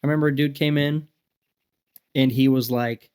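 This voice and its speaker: A man around forty, a podcast guest, telling lively profane stories and acting out what people said. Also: mid-range voice, moderate pace, smooth. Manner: profane, animated storyteller acting out quotes. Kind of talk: casual storytelling chat.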